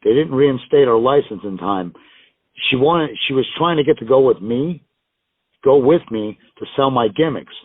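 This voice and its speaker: A man's voice: medium pitch, animated, moderate pace, dry recording. Male guest, rambling storyteller who swears freely and acts out others' lines, heard through a tinny, dry phone line. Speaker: wrestling guest telling road stories. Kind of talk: casual storytelling interview.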